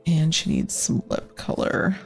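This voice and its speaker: A woman's voice: a little slow, soft background music. Rambling woman chatting while she paints. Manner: rambling, thinking aloud, many "like" fillers. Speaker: artist and cast member drawing on a live stream. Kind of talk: casual live-stream chat while painting.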